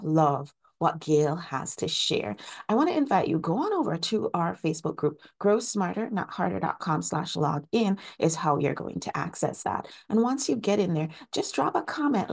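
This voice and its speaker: A woman host wrapping up her show in an upbeat, encouraging way. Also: on the low side. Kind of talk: show wrap-up and promotion.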